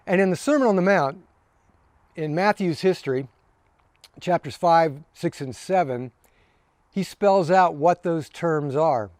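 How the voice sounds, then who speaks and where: A man pastor talks through a sermon in an easy, conversational way. He is outdoors on a home deck in the evening, and his voice sits a little high with a dry, close sound. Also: measured pace, pauses often, no echo. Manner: relaxed, conversational, chuckles. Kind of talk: casual sermon.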